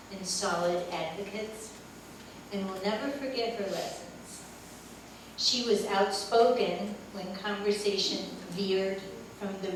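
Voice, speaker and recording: An older woman giving a memorial tribute speech, telling fond stories of her friend with humor. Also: mid-range voice. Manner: warm storytelling with laughter. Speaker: eulogy speaker. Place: large echoey hall. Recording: echoey hall from far off, noisy.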